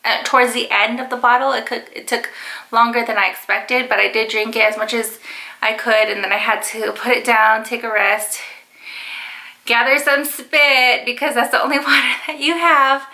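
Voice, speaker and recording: A woman's voice: on the high side, fairly even intonation, moderate pace, gravelly, pushed and bright. A young woman casually telling a rambling personal story to the camera, with frequent fillers. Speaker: vlogger.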